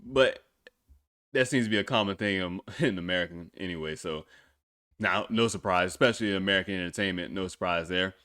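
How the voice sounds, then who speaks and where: A man's voice: deep voice, a little fast, sharp tone, no echo, clean studio sound. A man hosting a podcast, reacting to a music video in casual, blunt, profane talk, often breaking into incredulous laughter. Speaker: podcast host.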